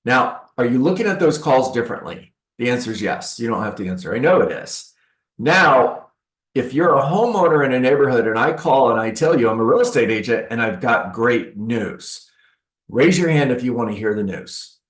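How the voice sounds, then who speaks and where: A real estate coach runs a seminar for a live audience in a training room, animatedly acting out sales calls and tossing in sarcastic asides. His voice sits at a medium pitch, moves at a moderate pace, and echoes around the room.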